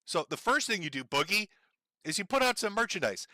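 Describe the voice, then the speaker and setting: Middle-aged guy ranting on stream, mocking n sweary, highish voice, real dry mic. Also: sing-song, quick pace, bright, forceful tone, dry recording. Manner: profane, mocking, sarcastic. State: in pain from broken ribs, on medication. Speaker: livestream commentator. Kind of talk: angry ranting commentary.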